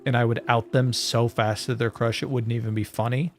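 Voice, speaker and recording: A man's voice: medium pitch, level tone, fairly quick, soft background music. A man streaming a game, chatting casually and joking with his viewers in a rambling way. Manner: rambling and joking, talking to chat.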